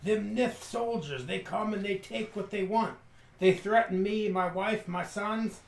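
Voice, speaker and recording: A man's voice: high voice, measured pace, gravelly, roomy sound, pitched above the performer's own voice. A man voicing a frightened middle-aged rustic farmer who pleads in folksy rural grammar. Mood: pleading, aggrieved.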